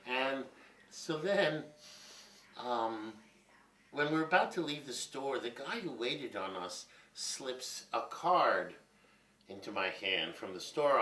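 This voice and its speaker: A man in his fifties telling rambling, profane stories in a candid monologue. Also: lowish voice. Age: 50s. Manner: profane, rambling, animated storytelling. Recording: roomy and distant from mic.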